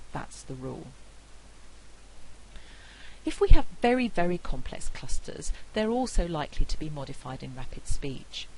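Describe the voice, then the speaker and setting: A British woman with a non-rhotic accent giving a university phonetics lecture, saying example phrases slowly and clearly. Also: low voice, darkish tone, poor audio. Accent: non-rhotic British English. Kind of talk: academic lecture. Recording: faint hiss.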